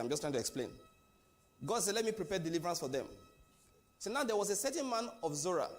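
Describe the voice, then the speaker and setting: Man preaching a sermon with emphasis. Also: a little high. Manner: emphatic, asks the listeners questions.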